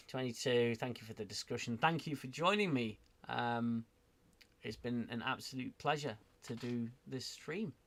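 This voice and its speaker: A man's voice: mid-range voice, a little slow. A man hosting a casual livestream chat, rambling and self-deprecating, apologizing often as he reads viewer comments. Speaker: livestream host.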